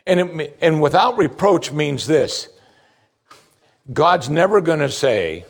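A man preaching a sermon as pastor, animated, acting out the voices he quotes. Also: on the high side, slow, creaky. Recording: hall reverb.

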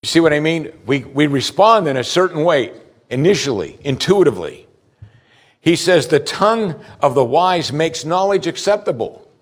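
This middle-aged pastor's voice is on the high side, with lively intonation and a moderate pace. He preaches a sermon, reading scripture aloud and asking his congregation pointed questions.

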